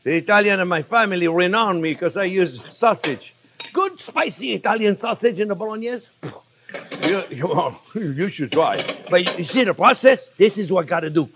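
A man hosting a casual cooking demonstration as a chef. He talks in an animated way, repeats phrases, chuckles, and calls his viewers friends. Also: high-pitched, moderate pace, noisy background. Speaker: chef, cooking show host.

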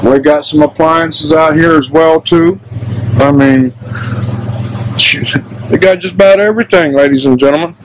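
A man's voice: fairly high pitch, normal speed, long pauses, noisy background. A man doing a folksy, joking walkthrough of a small shop, rattling off items and prices like a salesman. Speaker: vlogger touring a store. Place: inside a small shop, walking around.

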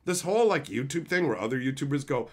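A man's voice: mid-range voice, expressive, fast. A man streaming live, ranting in an exasperated, profane way about entitled viewers. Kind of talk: livestream rant.

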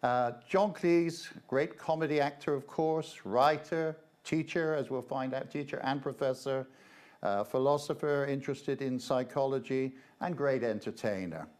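A man of middle pitch talks through a slide-show lecture in a loose, conversational way. He pauses often on fillers as he goes from slide to slide, like a guest presenter at a talk. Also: a little mellow. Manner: chatty, hesitant, with frequent 'uh' fillers.

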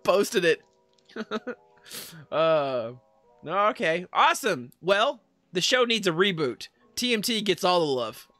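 A man's voice: high voice, big pitch swings, slow, bright, forceful tone, no echo, faint music behind. A man in his thirties co-hosting a casual chat, upbeat and laughing often as he reads viewer comments and runs through lists. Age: 30s. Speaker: podcast co-host.

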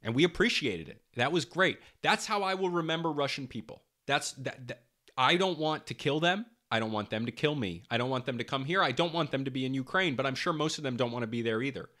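A man's voice: medium pitch, expressive, fairly quick, pushed and bright. A young man hosting a podcast, delivering a heated political monologue, swearing often and repeating himself for emphasis. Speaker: podcast host.

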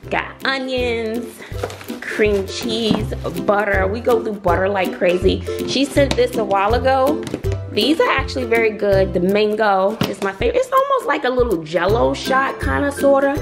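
A woman's voice: a little high, expressive, normal speed, music in the background. A woman with a Southern US accent, chatting casually to the camera as a vlogger, laughing often and talking straight to her viewers.

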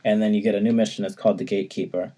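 Low mellow man recapping a game. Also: flat delivery, racing. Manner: retells scenes, acting out lines with laughs. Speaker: podcast co-host. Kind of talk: casual game recap chat.

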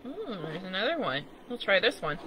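A gamer who chats casually and swears a lot while playing, reacting out loud to the screen. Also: mid-range voice, very animated, a little fast, slight background noise. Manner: profane, laughing, talking to the screen. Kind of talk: casual gameplay chat.

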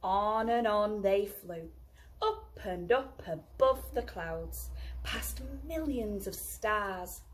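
A woman teacher reading a picture book aloud to children in an expressive, storytelling way. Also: mid-range voice, slow pace.

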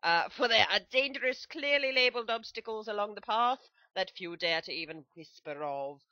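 A woman's voice: mid-range voice, animated, normal speed, pushed and bright, no room sound, dull audio. A woman voicing a grandiose male fantasy king in a video game, reading his quest text in a mock-solemn way.

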